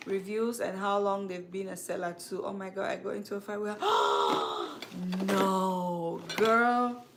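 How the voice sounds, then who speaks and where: Chatty, slow-talking woman host. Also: mid-range voice, big pitch swings, heavy background noise. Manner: chatty, laughs often, gossipy. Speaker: beauty channel host. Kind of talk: casual live chat reading comments.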